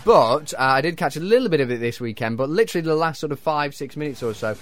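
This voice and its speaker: A chatty, self-mocking man hosting a breakfast radio show. His voice sits a little high for a man, and he laughs easily between quiz questions. Soft music plays underneath in the studio. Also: expressive, quick pace. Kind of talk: casual chat with quiz. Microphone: studio microphone.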